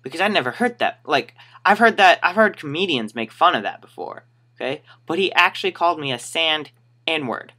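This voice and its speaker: A man's voice: fairly high pitch, expressive, moderate pace, pushed and bright. A young man telling stories to camera in a casual, rambling way, wry and acting out the people he describes. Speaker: retail shoe store worker. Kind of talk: casual storytelling vlog.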